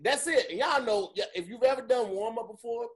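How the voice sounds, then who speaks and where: A comedian co-hosting a casual chat, telling an animated story about a warm-up set. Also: male voice, extremely high pitch, a little fast, crowd noise. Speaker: comedian, podcast co-host.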